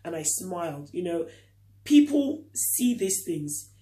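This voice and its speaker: A man's voice: high voice, very animated, slow, dark tone. A middle-aged man giving a reflective vlog talk, earnest and full of rhetorical questions. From Nigeria. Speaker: vlogger.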